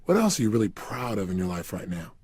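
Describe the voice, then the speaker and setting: A man's voice: fairly low pitch, big pitch swings, quick pace, darkish tone, slightly rough, no room sound. A man giving a guided motivational talk, emphatically firing repeated questions at the listener. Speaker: motivational speaker.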